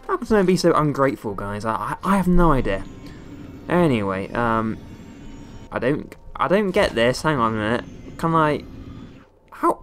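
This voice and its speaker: A young man chats through a video game in a playful, rambling way. His pitch bounces around a lot, and he often breaks into squeaky high exclamations. Faint background music plays under his voice. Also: big pitch swings, normal speed, fairly bright tone. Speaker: gaming YouTuber. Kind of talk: let's play commentary.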